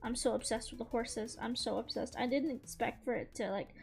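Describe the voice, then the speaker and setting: High-voiced gushing woman streamer. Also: brisk, gravelly, soft background music. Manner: gushing, excitable fan chatter with frequent laughs and casual swearing. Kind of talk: casual chat while drawing.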